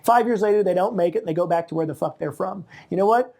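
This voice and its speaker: A man in his fifties, interviewed as an art magazine publisher, reminiscing in a casual, animated and profane way and slipping into other people's voices. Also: high-pitched, fast, vocal fry.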